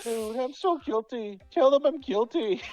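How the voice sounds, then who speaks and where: A woman's voice: a little high, animated, a little slow, a little mellow, slight background noise. A woman voicing a melodramatic young man in despair, in a live fan dub of a game. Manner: wailing, over-the-top despair. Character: distraught young man, melodramatic, accused of murder.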